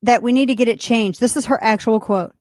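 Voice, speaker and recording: A slightly high-voiced woman hosts a talk show with biting sarcasm and lively asides. Her voice sits close and dry on the mic, with no room sound. She mocks and jokes at a brisk clip. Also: no echo. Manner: mocking, animated, quick asides. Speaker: radio talk show host. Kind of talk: sarcastic political commentary.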